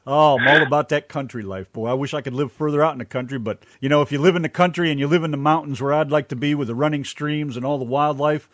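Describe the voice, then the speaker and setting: A man's voice: on the high side, fast talker, hardly any pauses, a bit bright, dry recording. Guy hosting a radio chat show, folksy and upbeat, dry close sound. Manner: enthusiastic, folksy. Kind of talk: casual interview chat.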